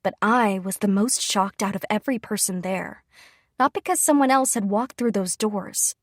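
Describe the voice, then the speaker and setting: A woman narrates a novel in the first person with an even, measured delivery. Her voice is slightly husky and breathy, recorded close and dry with no room sound. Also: medium pitch, no echo. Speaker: audiobook narrator.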